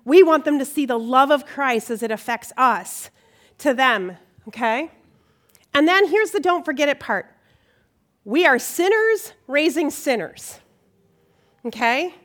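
A middle-aged woman giving a conversational sermon at a church gathering, animated and emotional, often checking in with her listeners. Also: high-pitched, moderate pace. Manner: animated, emotional, frequent "okay?" check-ins. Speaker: women's ministry speaker.

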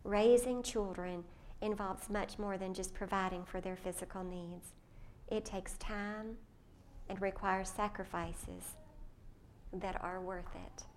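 A woman, speaking to a group of mothers and telling a family story with lively quoted voices. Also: medium pitch, measured pace, slight background noise. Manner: warm storytelling, animated when quoting her younger self. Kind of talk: personal talk to mothers.

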